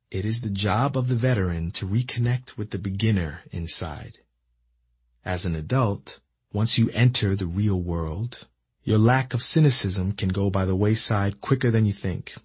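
A man in his thirties from Philadelphia reads his memoir aloud in a reflective, measured way. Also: fairly low pitch, a little mellow, husky, dry recording. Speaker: narrator reading his memoir. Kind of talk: audiobook memoir narration.

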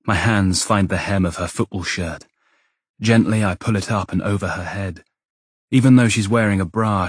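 A man with a very low, husky voice narrates a first-person romance novel, speaking in a close, intimate murmur. The sound is dry and close with no room around it. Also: dry recording. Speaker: audiobook narrator.

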